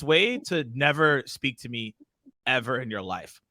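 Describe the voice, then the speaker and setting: A man hosting a sales workshop, giving advice in an energetic, joking, emphatic way. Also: medium pitch, unhurried, no echo, studio quality. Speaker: host. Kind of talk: casual webinar advice chat.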